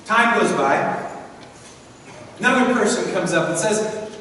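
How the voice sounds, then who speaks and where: A man's voice: high voice, expressive, measured pace, sharp tone. A middle-aged man, a pastor, preaching a sermon and telling the story vividly, acting out the voices of its people. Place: large church hall. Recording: echoey hall from far off, faint noise.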